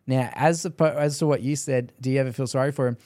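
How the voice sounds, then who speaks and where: A man's voice: mid-range voice, fast, no echo, studio quality. A man with an Australian accent, interviewing a guest in casual conversation and acting out quotes as he tells stories. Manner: animated storyteller, acts out quotes.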